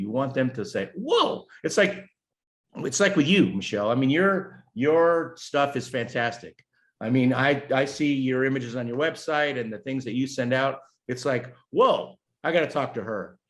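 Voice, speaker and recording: Middle-aged American man, guest strategist, animated, joking, loose filler-heavy chat. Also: medium pitch. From United States. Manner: animated, jokey, many fillers and restarts. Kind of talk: casual interview chat.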